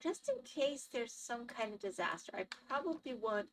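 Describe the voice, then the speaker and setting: A woman's voice: fairly high pitch, expressive, moderate pace, far from the mic, a little hiss or hum. A woman streamer chatting casually with her chat while playing a game, thinking aloud as she goes.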